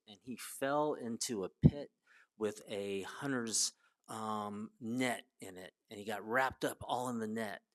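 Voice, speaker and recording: A man giving a children's message in a service, telling a fable in a plain, gentle, folksy way. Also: on the low side. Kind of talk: storytelling to children.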